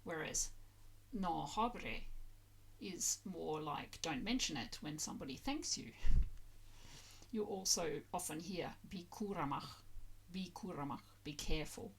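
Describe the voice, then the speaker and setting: A woman's voice: low-pitched, animated, a little slow, gravelly, long pauses, a little hiss or hum. A woman explaining grammar to learners in a patient, methodical way, spelling words out letter by letter. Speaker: language-learning video creator.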